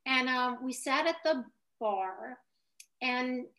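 High-voiced woman writer telling stories. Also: animated, slow, pushed and bright. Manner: chatty, hesitant storyteller with many restarts. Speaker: guest writer. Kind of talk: casual interview talk.

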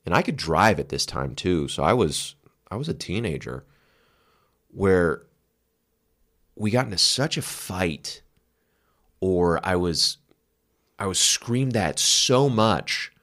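A man's voice: sits low, lively intonation, slow, long pauses, a bit bright. A man co-hosting a podcast, talking candidly and reflectively about his past, swearing casually. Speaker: podcast co-host. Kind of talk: candid conversational chat.

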